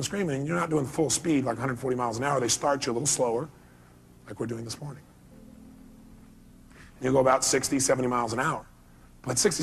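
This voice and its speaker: A male motivational speaker addresses a seminar audience in a rapid, gravelly voice that sits a bit high for a man. He tells energetic stories and jumps in and out of acted-out dialogue. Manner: energetic storytelling, acting out dialogue. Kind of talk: live seminar speech.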